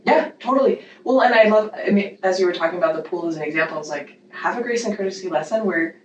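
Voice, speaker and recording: A woman's voice: fairly low pitch, quick pace, dull audio, faint music behind. A woman who works as a parenting educator, talking animatedly in a casual interview and circling her points as she goes. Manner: animated, rambling with many fillers and restarts. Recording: echoey room, distant mic, faint noise.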